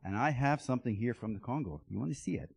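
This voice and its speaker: A man's voice: mid-range voice, animated, fast, creaky, breathy edge. A man giving a playful children's talk at a church service, asking the kids lots of questions. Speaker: guest speaker giving children's blessing. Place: church sanctuary.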